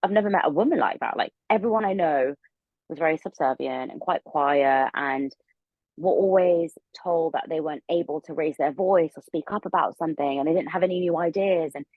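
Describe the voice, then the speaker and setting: Fast-talking, low-voiced woman. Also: no echo, phone-quality sound. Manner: rambling, animated storyteller with many fillers. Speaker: podcast guest. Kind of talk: casual storytelling interview.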